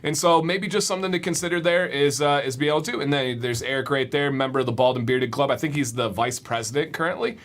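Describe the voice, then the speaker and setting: A man's voice: medium pitch, steady tone, quick pace, hardly any pauses, a bit bright. A young man hosting a casual livestream, upbeat, often repeating words as he reads the chat. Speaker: livestream host.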